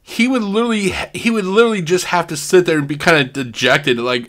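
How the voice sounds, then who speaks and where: Male host, bright voice, loose profane off-the-cuff commentary. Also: on the high side, a little fast. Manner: rambling, profane, thinking aloud. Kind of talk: casual commentary.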